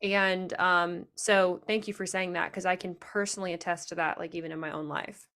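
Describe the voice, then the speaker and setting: A woman's voice: on the low side, steady tone, fairly quick, bright, forceful tone. A woman podcast host in casual conversation, thinking aloud as she goes. She talks in a chatty, reflective way, with plenty of fillers and restarts. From Nebraska.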